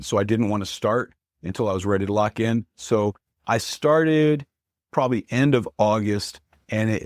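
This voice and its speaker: A man's voice: mid-range voice, dry recording, studio quality. A male pastor and author, a guest in an interview, talking in an earnest, encouraging way as he thinks aloud. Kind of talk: interview conversation.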